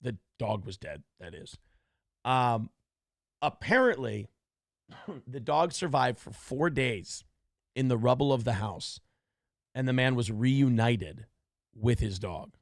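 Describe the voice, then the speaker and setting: A man's voice: mid-range voice, lively intonation, slow, long pauses, no room sound, studio quality. A man hosting a morning show, riffing on a news clip in a crude, profane, mocking rant. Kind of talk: comedic commentary on a news clip.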